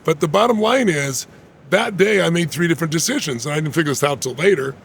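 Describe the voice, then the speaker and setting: Gravelly, fast-talking man in his sixties. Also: on the high side, a little hiss or hum. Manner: animated, emphatic storyteller. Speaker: guest. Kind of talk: interview storytelling.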